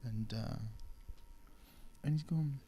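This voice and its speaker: A man's voice: mid-range voice, slow. A man from England doing casual pool commentary, telling jokey stories and mimicking friends. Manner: jokey storytelling, animated mimicry.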